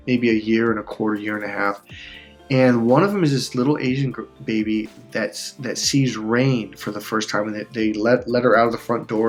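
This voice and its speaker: A man talks in a rambling, heartfelt way, stopping to laugh and catch himself as he fights back tears. His voice sits at an ordinary middle pitch, and soft music plays faintly underneath. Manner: rambling, emotional, with frequent restarts and laughs. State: on the verge of tears. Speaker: life coach. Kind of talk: casual personal monologue.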